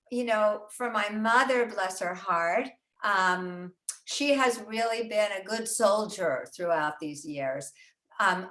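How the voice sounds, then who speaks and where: An older woman talks chattily and animatedly, full of fillers and restarts. Her voice is bright and forceful. The sound rings in a roomy home writing studio. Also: medium pitch. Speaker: author and host. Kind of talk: casual conversation about writing. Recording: roomy echo.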